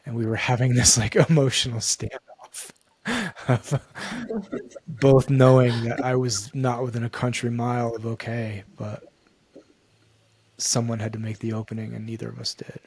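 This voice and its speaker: A man, a guest on a podcast, telling a personal story in an earnest, halting way that repeats and restarts phrases. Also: mid-range voice, flat delivery, darkish tone, husky. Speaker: guest, men's coach.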